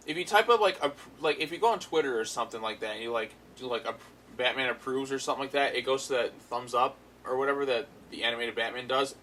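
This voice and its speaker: Bright-voiced man rambling casually. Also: medium pitch, a little hiss or hum, low-quality recording. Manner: rambling, filler-heavy, amused. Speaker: episode reviewer. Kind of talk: casual spoken review.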